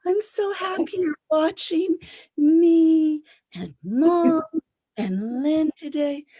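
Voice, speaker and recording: A woman's voice: sits high, slow, dark tone, no echo, voice pushed up. A woman putting on a sweet, sing-song voice as if talking to a child.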